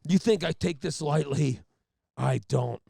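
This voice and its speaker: A man imitating a stern, self-important male state trooper who speaks slowly with dramatic pauses. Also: a little high, vocal fry, mellow, slightly rough, no echo, studio quality, exaggerated voice. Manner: slow, pompous, with dramatic pauses.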